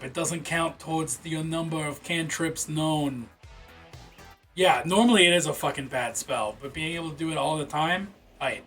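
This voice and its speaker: A man's voice: on the high side, normal speed, fairly bright tone, soft background music. A man streaming live, reading game rules aloud and reacting in loose, casual talk with the odd swear word. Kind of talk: casual livestream commentary.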